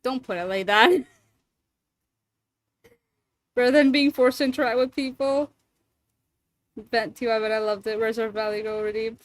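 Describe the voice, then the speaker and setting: A young woman streamer chatting casually with her viewers, playful and teasing, sometimes giving soft, gentle affirmations. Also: a little high, fairly even intonation, normal speed, pauses often, dry recording, low-quality recording. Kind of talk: casual livestream chat with viewers.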